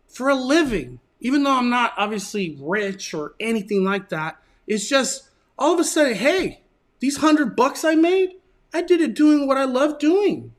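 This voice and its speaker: High-voiced earnest man telling his story. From Southern California. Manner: earnest, emotional, rambling with restarts. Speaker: channel host. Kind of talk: casual storytelling chat.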